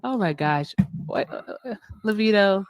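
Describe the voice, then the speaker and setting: A woman's voice: mid-range voice, expressive, normal speed, dry recording, clean studio sound. A woman hosting a live online call-in debate stream, chatty and playful, often laughing and teasing her callers. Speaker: livestream debate host. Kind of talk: casual livestream chat.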